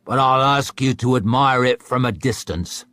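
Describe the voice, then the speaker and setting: A man voicing a huge, calm bruiser in an audiobook, speaking deep, slow and quietly menacing. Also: dry recording, faint music behind, close to an everyday voice. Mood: calm menace.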